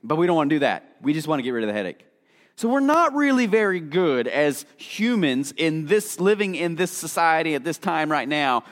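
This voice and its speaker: A man preaching a conversational sermon, chatty and casual, full of fillers, acting out the voices he quotes. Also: fairly high pitch. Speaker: pastor. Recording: long hall reverb.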